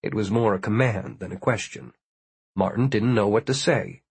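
A man's voice: lowish voice, moderate pace, husky, no echo. A man reading an audiobook aloud in a dry, wry storytelling manner. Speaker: audiobook narrator. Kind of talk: scripted narration.

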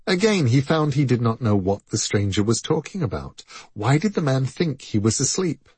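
A man reading a story aloud in measured, expressive scripted narration. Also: mid-range voice, husky, no echo. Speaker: audiobook narrator.

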